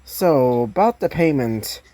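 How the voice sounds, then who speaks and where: A woman's voice: extremely low pitch, expressive, slow, mellow, pitched below the performer's own voice, heavily acted, rough recording. A woman reading the lines of a blunt young male demon hunter who swears casually with British slang. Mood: gruff.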